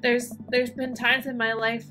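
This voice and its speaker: A woman's voice: on the high side, flat delivery, unhurried, over music, lightly acted. A woman voicing a teenage girl who thanks her father before leaving for college, read plainly and heartfelt. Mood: tender.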